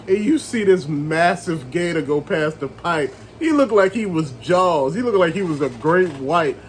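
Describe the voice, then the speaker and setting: A man reviewing a movie in a casual rant, retelling scenes with animated storytelling and calling his viewers family. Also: a little high, unhurried, a little hiss or hum, low-quality recording.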